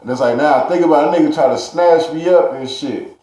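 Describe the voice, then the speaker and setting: A man's voice: fairly high pitch, fairly quick, dark tone. A man telling a rambling, profane story in street slang, ranting to camera. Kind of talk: casual storytelling rant. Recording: echoey room.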